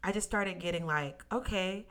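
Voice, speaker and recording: Bright-voiced young woman telling her story. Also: lowish voice, normal speed. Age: young adult. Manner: emotional, near tears, testimony-like; animated, addresses listeners as y'all. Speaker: podcast host. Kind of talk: casual solo podcast storytelling.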